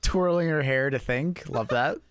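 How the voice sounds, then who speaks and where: Low-voiced woman with dry remarks. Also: a little slow. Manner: dry, bemused comments and giggles. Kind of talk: live reaction stream.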